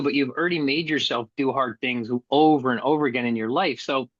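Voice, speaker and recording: A man's voice: medium pitch, a bit bright, no echo, dull audio. A middle-aged man telling a hard personal story as a guest, earnest and blunt, with some casual swearing. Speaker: podcast guest.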